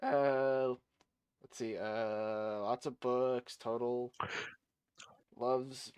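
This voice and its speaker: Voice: mid-range voice, fairly even intonation, drawn-out words, darkish tone, clear, resonant tone, no room sound. A player in a tabletop game, easygoing and hesitant, describing a character. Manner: easygoing, hesitant with 'uh, let's see'. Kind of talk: casual tabletop play.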